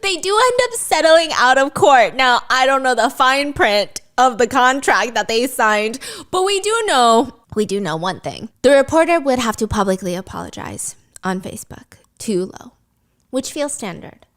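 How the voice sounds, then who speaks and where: A woman's voice: sits high, sing-song, normal speed, fairly bright tone. A woman host telling a true crime story in a playful, chatty way, with giggly asides.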